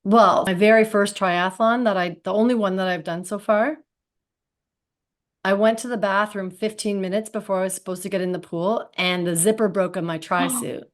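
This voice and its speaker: A woman's voice: mid-range voice, fairly even intonation, moderate pace. Chatty woman telling a story. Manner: chatty, many "like"s and restarts. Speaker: podcast guest. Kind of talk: casual storytelling.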